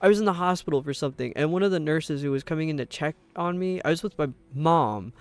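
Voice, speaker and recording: A man's voice: on the high side, animated, quick pace, soft background music. A young man with a New York accent, chatting casually on a live stream in a rambling way, with lots of filler words. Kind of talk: casual chat while gaming.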